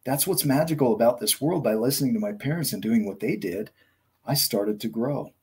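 A man voicing a huge, kind old male giant who speaks slowly and gently. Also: mid-range voice, husky. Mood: gentle, wise.

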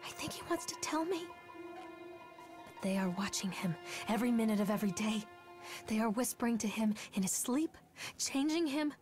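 A woman plays a troubled mother in a horror game, her voice a little high and strained. She speaks in a tense, brooding way, and clear music plays behind her. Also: natural voice. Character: troubled mother searching for her lost son. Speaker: game protagonist. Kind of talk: horror game voice acting, inner monologue.

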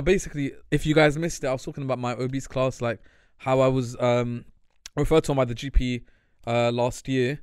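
A man's voice: mid-range voice, a little mellow, no room sound, clean studio sound. A young man, telling jokey stories as a podcast co-host and laughing as he talks. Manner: joking, laughing storyteller. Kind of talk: casual chat.

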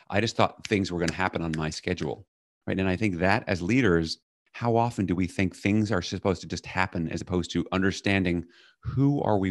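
Animated deep-voiced man telling a story. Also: dry recording, studio quality. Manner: animated, acts out quoted commands loudly. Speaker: leadership coach, podcast guest. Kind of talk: storytelling in a podcast interview.

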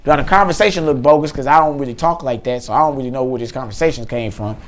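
A man's voice: mid-range voice, fast talker. A man hosting a podcast, telling a comic story and acting out both sides of a phone call. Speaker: podcast host. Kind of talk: comedic storytelling.

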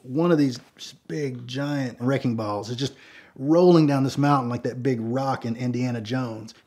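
A man with a husky, slightly rough voice spins a casual yarn at an ordinary pitch. He rambles along, filling pauses with "you know" as he goes. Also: a little mellow. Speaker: storyteller. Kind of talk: casual spoken storytelling.

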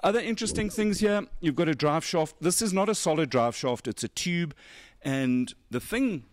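A man hosting a motorsport show gives a casual walkaround, joking as he gushes over a race car's details. His voice sits on the high side with lively intonation and a moderate pace.

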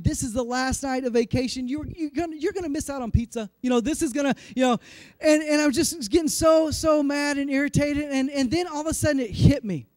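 A man in his forties preaches from the pulpit, with a voice that sits very high for a man. He tells a story from his own life in an animated way and pokes fun at himself. The sound is dry and close, with almost no room echo. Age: 40s. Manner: animated, self-deprecating storytelling. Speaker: pastor. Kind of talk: sermon with personal story.

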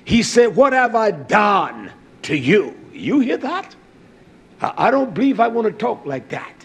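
A man preaching a fervent sermon in a high voice. He sinks into low, hushed phrases and then rises to loud declaiming. He scatters Hebrew terms through his speech. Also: a little hiss or hum. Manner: impassioned, swings from low murmurs to loud declaiming.

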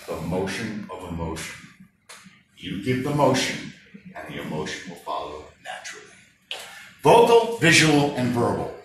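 A man leading a live public speaking workshop, very animated and moving from soft talk to shouting. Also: fairly low pitch, normal speed, a little hiss or hum. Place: workshop room with an audience. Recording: roomy sound from a distance, faint ambience.

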